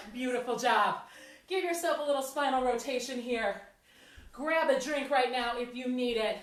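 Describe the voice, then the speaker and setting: A high-pitched woman coaches a standing workout, upbeat and encouraging as she counts down each set, slightly winded. Her voice bounces around an echoey room. She sounds set back from the mic. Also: normal speed, distant mic. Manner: energetic, encouraging, counts down reps. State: a little out of breath. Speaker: fitness instructor.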